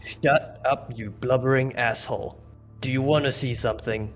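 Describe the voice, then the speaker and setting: A man's voice: medium pitch, steady tone, moderate pace, soft background music, lightly acted. A man voicing an angry wounded male agent who speaks in a blunt, contemptuous way.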